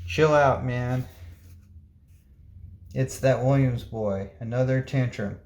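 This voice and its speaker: A man reading a comic book aloud, giving the lines of every character in a plain, unhurried voice. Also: mid-range voice, fairly even intonation, a little mellow, roomy sound. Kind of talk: reading a comic aloud, voicing all parts.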